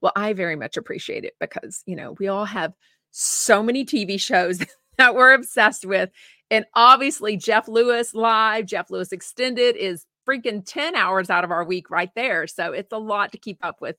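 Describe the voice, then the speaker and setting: A woman's voice: mid-range voice, moderate pace, pushed and bright, no room sound, clean studio sound. A woman co-hosting a show, chatting casually and rambling sympathetically as she reads viewer comments aloud. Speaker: co-host.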